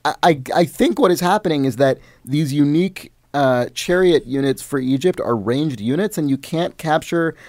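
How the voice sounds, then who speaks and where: A man's voice: fairly high pitch, animated, normal speed, hardly any pauses, a little mellow, no echo, studio quality. A man on a podcast, telling a long, rambling story about a video game in casual chat, often swearing and getting worked up. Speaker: podcast host.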